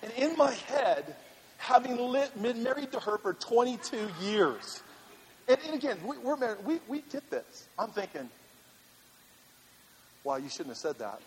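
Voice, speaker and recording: High-voiced pastor in a big hall. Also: male voice, normal speed, slight background noise. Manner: animated, laughing through a funny story, then earnest. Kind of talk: storytelling sermon. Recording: reverberant hall with faint ambience.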